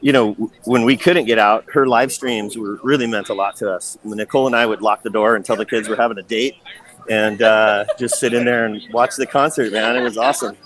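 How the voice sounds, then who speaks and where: Man, festival reporter, relaxed, casual, easygoing, phone chat. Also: fairly low pitch, a little fast, crowd noise, poor audio.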